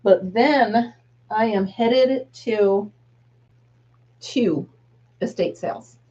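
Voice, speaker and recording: A woman's voice: mid-range voice, drawn-out words, mellow, lo-fi sound. A woman in her fifties, a grandmother, hosting a casual live chat with viewers, rambling and laughing often. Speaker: livestream host.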